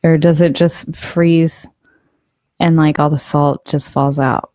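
A woman's voice: sits low, little pitch movement, slow pace, warm tone, no room sound. A woman co-hosting a casual podcast, musing and rambling with many fillers. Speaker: podcast co-host.

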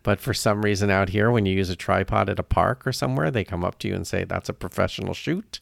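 A man's voice: low voice, quick pace, vocal fry, no echo, studio quality. A man co-hosting a podcast in casual chat, chatty and often trailing off mid-thought. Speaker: podcast co-host.

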